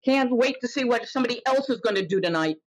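A woman's voice: a little high, lively intonation, fast, slightly rough, low-quality recording. A woman live streaming from her desk in a small room, irritated and sarcastic, swearing as she rants. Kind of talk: ranting live stream talk.

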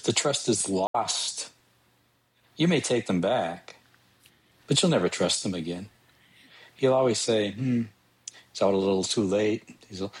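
Low husky-voiced guy laying out slow opinions on politics. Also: poor audio. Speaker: podcast co-host. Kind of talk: casual political commentary.

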